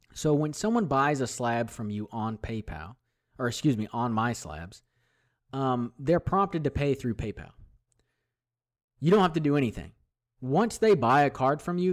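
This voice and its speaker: A man hosting a solo hobby podcast, talking in a chatty, rambling way with plenty of fillers and restarts. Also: mid-range voice. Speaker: podcast host. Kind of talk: casual solo podcast talk.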